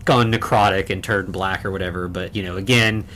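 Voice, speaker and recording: Male podcast co-host, low voice, loose rambling film-recap delivery. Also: fairly even intonation, brisk, bright, forceful tone, a little hiss or hum. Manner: rambling, many fillers and restarts. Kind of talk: casual chat recapping a horror film.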